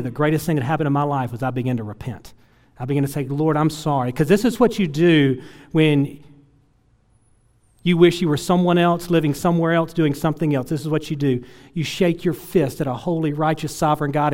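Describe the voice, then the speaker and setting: A middle-aged man preaching a sermon, telling a personal story in an earnest way that swings from loud to hushed and tearful. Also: on the high side, in a large hall. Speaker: pastor.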